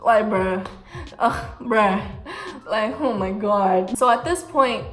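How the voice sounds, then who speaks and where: A young adult woman telling a casual storytime with animated, slangy delivery and acted-out quotes. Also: medium pitch, takes it slowly. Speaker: vlogger. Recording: echoey room with faint music.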